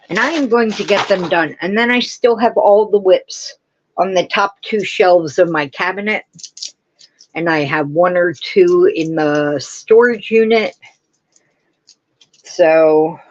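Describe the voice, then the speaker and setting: A woman's voice: lowish voice, muffled recording. A woman hosting a live crafting stream, rambling casually and answering her viewers' comments as she goes.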